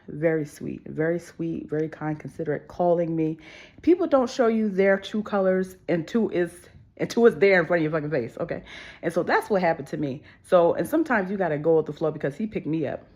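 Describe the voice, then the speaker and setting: Casting note: a lower-voiced woman doing an animated storytime vlog at home into a phone, candid and swearing freely. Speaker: vlogger. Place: home with kids and cats around.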